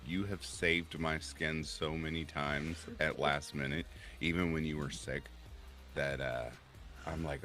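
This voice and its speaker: A man hosting a casual livestream chat, animated, laughing often and reading out chat comments. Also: extremely low pitch, measured pace, faint music behind. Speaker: stream host.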